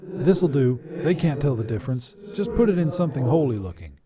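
Man voicing a pushy, gruff winged demon. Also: medium pitch, big pitch swings, fairly quick, crowd noise, close to an everyday voice. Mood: bossy. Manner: brash, pushy, crude. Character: gruff impatient male demon, scaly and winged.

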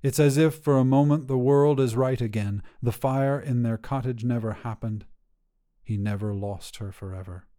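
A man narrating a short fiction podcast in a steady, scripted storytelling manner. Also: medium pitch, normal speed.

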